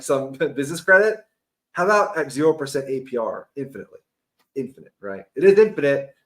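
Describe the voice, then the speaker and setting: A man hosting a webinar, delivering a hyped, loose sales pitch full of "right?" and restarts. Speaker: webinar host pitching a course.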